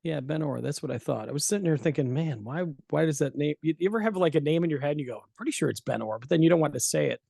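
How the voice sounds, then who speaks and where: A man's voice: a little high, very fast, vocal fry, few pauses, dry recording, studio quality. A man from Rochester, New York, co-hosting a casual album-review chat, rambling and correcting himself as he goes. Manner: rambling, self-correcting, animated asides. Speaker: co-host.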